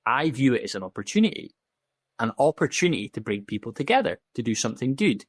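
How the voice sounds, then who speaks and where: Man, podcast guest, blunt candid storytelling, swears a lot, mid pitch, dry close sound. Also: sing-song, quick pace, slightly rough, dry recording. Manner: blunt and profane, acts out quoted dialogue. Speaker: podcast guest, safety officer.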